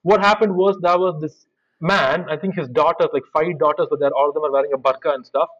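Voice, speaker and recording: A man, an activist guest telling blunt, animated stories in a casual interview. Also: fairly high pitch, fast, highs cut off. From India.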